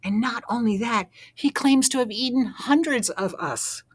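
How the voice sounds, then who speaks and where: A woman voicing a proud, excitable male doughnut who talks high and loud when alarmed. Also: unhurried, husky. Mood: frantic.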